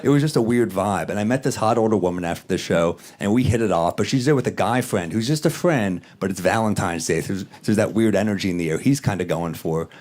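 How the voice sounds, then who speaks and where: A man doing stand-up comedy on stage, telling a story with a wry, self-deprecating delivery and quick jumps into acted-out voices. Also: on the low side, a little mellow. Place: comedy stage before a live audience. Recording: clear audience noise. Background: audience laughter.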